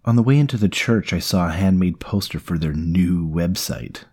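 A wry, sarcastic young woman, as a male narrator puts her on in an audiobook. Her voice is lifted a little above his low, husky own. She sounds dry and knowing. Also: normal speed, warm tone. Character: sharp, sardonic young woman.

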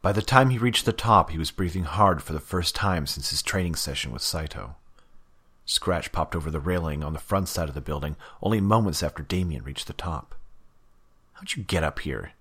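A man narrating an audiobook in a steady, even reading. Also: rumbling low, brisk, slightly rough.

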